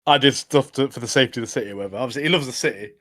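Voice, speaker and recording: A young man co-hosting a podcast, chatting in a laid-back way with quick chuckles. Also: mid-range voice, a bit bright. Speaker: podcast co-host. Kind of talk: casual chat.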